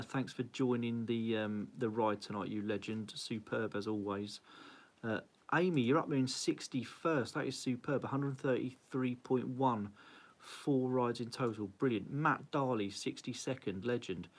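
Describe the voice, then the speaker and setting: A man's voice: medium pitch, a little slow. A man hosting a casual live-stream rundown of a cycling club's leaderboard, cheery and chatty, greeting viewers by name and laughing at his own slips. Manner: flustered, self-mocking. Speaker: cycling club host.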